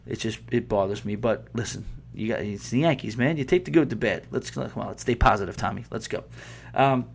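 A man's voice: lowish voice, a little fast, creaky, a little hiss or hum. A man hosting a sports podcast, ranting in a heated, profane, rambling way full of restarts and asides. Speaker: podcast host. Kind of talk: casual sports podcast rant.

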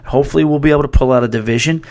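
A man's voice: mid-range voice, very fast, darkish tone. A man hosting a podcast, talking casually and rambling, often restarting his sentences. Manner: rambling, restarts mid-sentence, reads listener email aloud. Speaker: podcast host. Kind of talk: casual sports talk.

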